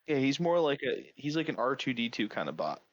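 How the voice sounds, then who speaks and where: A man co-hosting a casual podcast, laid-back and easygoing as he steers topics to a close. His pitch is middle, and the room sounds dry. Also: very animated, brisk, no echo. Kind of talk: casual chat.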